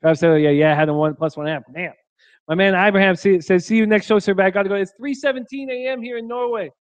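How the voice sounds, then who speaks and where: High-voiced man hosting a crude, laughing stream. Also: quick pace, smooth, no room sound. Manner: crude, joking, laughs often. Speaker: sports betting show host. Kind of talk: live-stream chat reading. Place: hotel room.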